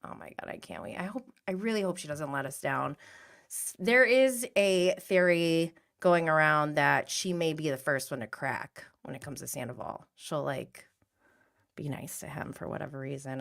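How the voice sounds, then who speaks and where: A woman in her thirties hosts a casual reality TV podcast, talking in a chatty, animated way. Her voice sits a little low, and she laughs often as she greets live chat viewers by name. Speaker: podcast host.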